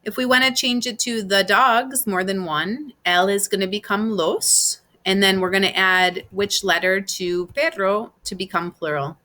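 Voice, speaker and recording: Bright-voiced woman teaching a class. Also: mid-range voice, measured pace, few pauses. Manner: patient, explains step by step with examples. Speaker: Spanish teacher. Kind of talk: recorded class lecture.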